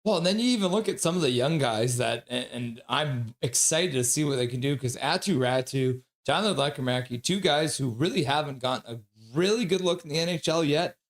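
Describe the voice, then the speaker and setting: Co-host: man, slightly high voice, engaged sports chat. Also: animated, a little fast, few pauses. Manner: engaged, asks long questions. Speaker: hockey show co-host.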